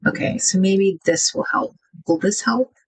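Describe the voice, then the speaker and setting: A woman hosting a casual craft livestream, thinking out loud and chatting with viewers about their comments. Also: mid-range voice, huge pitch swings, a little slow, slight background noise, low-quality recording. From United States.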